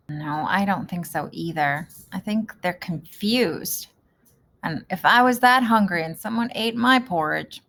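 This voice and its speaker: Slow, gentle woman teacher asking questions. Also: on the low side. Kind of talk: reading lesson for young children.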